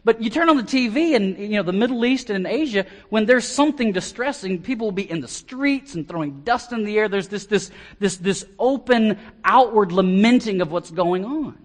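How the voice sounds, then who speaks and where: An American man preaching an expository sermon as pastor, animated and often repeating words as he starts a phrase. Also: sits high, moderate pace, few pauses. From United States.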